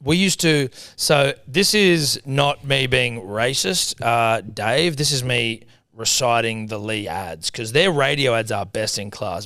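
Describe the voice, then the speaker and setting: Animated Australian podcast host, lively pitch. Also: male voice, slow pace, hardly any pauses, no room sound, studio quality. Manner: animated, sweary, jumps in loudly. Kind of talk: casual comedic chat.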